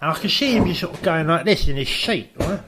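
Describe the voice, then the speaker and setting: A man's voice: a little high, expressive, fast talker, pushed and bright, slightly rough. A man, a podcast co-host telling a rambling comic story and checking in with "right?" at every turn. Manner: rambling anecdote, keeps adding "right?".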